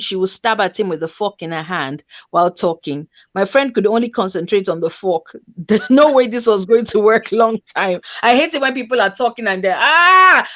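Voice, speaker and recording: A woman, hosting a casual online chat show, reading stories aloud with lively, teasing asides. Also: a little high, no room sound, dull audio. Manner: animated, laughing, teasing asides. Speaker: show host. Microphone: video call stream.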